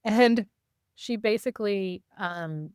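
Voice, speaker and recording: A woman guest in a casual interview, telling stories in a lively way and acting out what people said. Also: mid-range voice, takes it slowly, clear, resonant tone, dry recording, clean studio sound. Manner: lively, acts out quoted dialogue. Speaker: podcast guest, intuitive reader.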